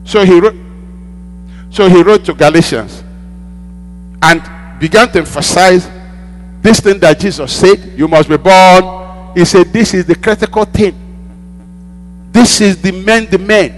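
A male pastor with a high voice preaches a sermon in a church hall, unhurried and leaving long pauses. He repeats lines for emphasis and prompts the congregation to answer back. The recording carries long hall reverb and a mains hum.

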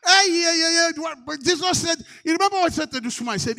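A male preacher with a very high voice, bright and forceful in tone. He drives his sermon with shouted declarations and then drops down to coax his congregation into answering back. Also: lively intonation, fast talker, creaky, few pauses. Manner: swings from shouted exhortation to low coaxing call-and-response.

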